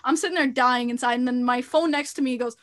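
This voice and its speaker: A young woman guest in casual chat, telling stories in an animated way and laughing often. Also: high-pitched, fast, very noisy. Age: young adult.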